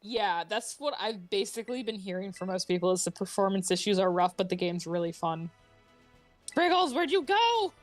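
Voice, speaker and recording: A woman co-hosting a casual gaming stream, chatty and quick to laugh, reading out chat. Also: lowish voice, steady tone, soft background music. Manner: chatty, laughs often, reads chat aloud. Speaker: streamer co-host.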